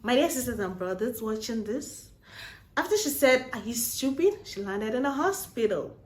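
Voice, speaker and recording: A woman giving casual relationship advice in a vlog, telling stories in an animated way and slipping into pidgin phrases. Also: on the high side, moderate pace. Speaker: Christian relationship vlogger. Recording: roomy echo.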